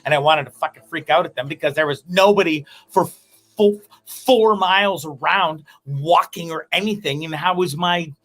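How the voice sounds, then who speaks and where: A man hosting a comedic live show, telling stories in a rambling, profane, animated way. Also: fairly high pitch. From Canada. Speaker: host.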